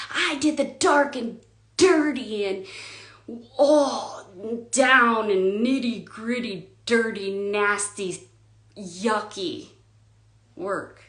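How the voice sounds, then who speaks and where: A woman giving a spiritual coaching monologue, slow and emphatic, often sinking to a hushed whisper. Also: on the high side, echoey room.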